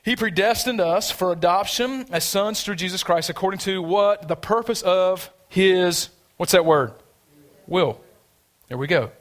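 Emphatic man preaching, higher voice. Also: a little slow. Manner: conversational, emphatic preaching with call-and-response questions. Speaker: pastor. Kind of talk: sermon. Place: church sanctuary.

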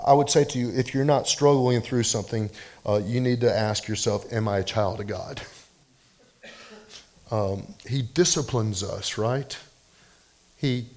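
A man preaching a sermon in an animated way, rising loud when he quotes people and dropping soft and low for personal appeals. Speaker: pastor.

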